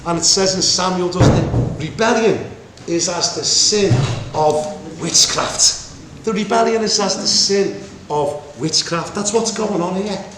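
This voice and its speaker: A man preaching a Bible teaching, animated and acting out the voices in the story. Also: sits high, unhurried, few pauses, slight background noise. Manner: animated, acts out voices of God and Moses. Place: meeting room with congregation. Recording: echoey room with faint ambience.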